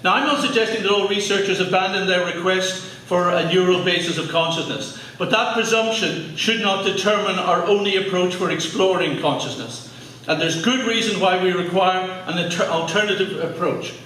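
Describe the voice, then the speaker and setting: An Irish man with a fairly high voice delivers a lecture to a live audience, chatty and joking with the crowd. He is heard from a distance in a very echoey hall, with faint room noise behind him. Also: normal speed, bright, forceful tone. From Ireland. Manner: conversational, jokey asides with audience. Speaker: speaker giving a public talk.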